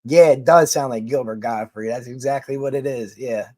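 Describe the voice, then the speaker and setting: A man's voice: mid-range voice, normal speed, warm tone, no echo. A man from New York City with a Philadelphia accent, chatting casually with viewers on a livestream in a blunt, rambling, profane way.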